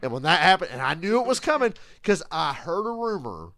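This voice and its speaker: A man chatting casually on a live stream, telling stories in an animated, profane rant. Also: on the high side, brisk. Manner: animated, profane, ranting storyteller. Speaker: streamer reacting live to a football game.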